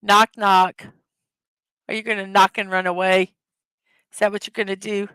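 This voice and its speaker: A woman's voice: mid-range voice, level tone, normal speed, sharp tone, clear, resonant tone, no echo. A middle-aged woman hosting a casual livestream, giggling as she reads viewers' jokes aloud. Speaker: livestream host.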